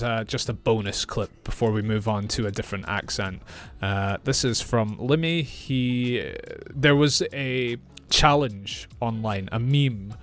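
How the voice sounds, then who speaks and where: Scottish man teaching clear English. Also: mid-range voice. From Scotland. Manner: clear, slow and friendly teaching. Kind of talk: reaction video lesson.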